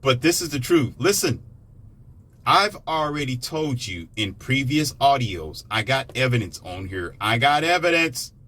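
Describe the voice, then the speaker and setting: Ranting man with sarcastic swings. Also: a little slow. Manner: animated, sarcastic, swings into mocking high-pitched impressions. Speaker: commentator. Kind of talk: ranting monologue.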